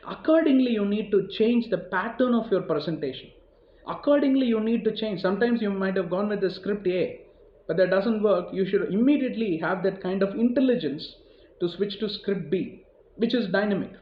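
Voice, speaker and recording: A man's voice: sits high, normal speed. Rambling Indian man giving a motivational talk. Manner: rambling, conversational, heavy use of "you know" and repetition. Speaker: motivational speaker. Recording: roomy, dull lo-fi recording.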